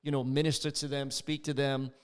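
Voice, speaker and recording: A man's voice: mid-range voice, level tone, fairly quick, smooth, in a large hall. A man hosting a podcast, chatting enthusiastically and saying "like" a lot. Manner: enthusiastic, heavy use of "like". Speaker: podcast host. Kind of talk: casual interview chat.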